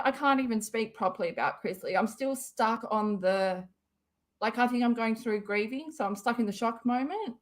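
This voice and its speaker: A woman's voice: a little high, moderate pace, creaky, a bit bright. A young adult woman, chatting casually on a livestream, rambling, swearing often and laughing a lot. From Western Australia. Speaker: livestream host.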